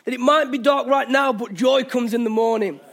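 A man's voice: very high-pitched, normal speed, a bit bright. A man with an English accent preaching a passionate sermon in a church, urging listeners on, with jokey asides. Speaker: pastor. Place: church hall.

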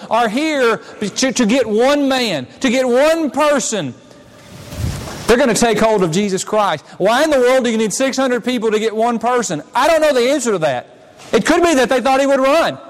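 In a church sanctuary, a male pastor with a very high voice for a man preaches a dramatic sermon, acting out the scenes he describes. The long reverb of a large church hall fills the recording.

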